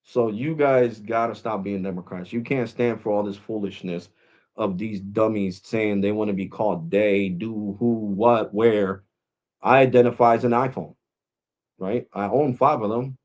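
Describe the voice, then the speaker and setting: A man's voice: on the low side, fairly even intonation, unhurried, darkish tone. A man vlogging, ranting to his viewers in a blunt, mocking way. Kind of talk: opinion rant to camera.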